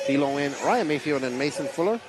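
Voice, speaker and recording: A man co-commentating a model car race, briskly reading out drivers and heats. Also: a little high, expressive, music in the background. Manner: brisk, reads out names and lists.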